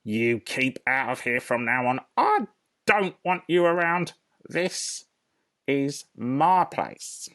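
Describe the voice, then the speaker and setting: A man's voice: mid-range voice, very animated, takes it slowly, a bit bright, voice pushed up, full character voice. A man voicing a rude, boastful rat who shrieks and scolds, in a storybook reading. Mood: scolding.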